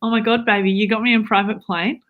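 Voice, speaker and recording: A woman's voice: mid-range voice, fairly even intonation, fast talker, phone-quality sound, close to an everyday voice. A woman playing a blunt, teasing Australian wife who swears freely, in an improv comedy livestream.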